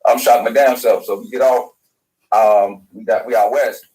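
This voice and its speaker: A man's voice: on the low side, steady tone, moderate pace, a little mellow, rough recording. A man, a talk show guest telling a long story in loose, slangy, profane talk. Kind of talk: rambling storytelling.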